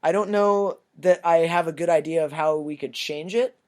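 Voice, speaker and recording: A man's voice: a little high, normal speed, a little mellow. A man co-hosting a podcast, chatting casually through a movie review in a loose, rambling way and swearing freely. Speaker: podcast co-host.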